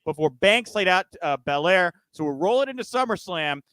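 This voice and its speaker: A man's voice: high-pitched, expressive, moderate pace, fairly bright tone, clean tone, no room sound, poor audio. A man hosting a podcast, running through news in a loose, chatty way with frequent fillers and jokey asides. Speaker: podcast host. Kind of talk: casual news chat.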